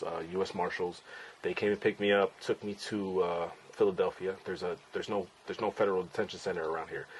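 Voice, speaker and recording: A man's voice: low voice, a little hiss or hum, low-quality recording. A man in his forties, a podcast host and father, telling a candid personal story in a casual, blunt way with plenty of swearing. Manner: casual, blunt, swears freely, acts out quoted people.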